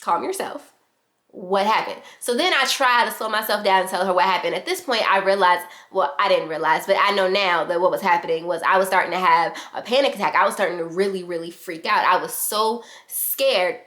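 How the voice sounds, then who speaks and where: A young adult woman vlogger telling a casual storytime in a fast, animated way, acting out the quotes. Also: on the low side. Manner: fast-talking, animated retelling with quoted voices.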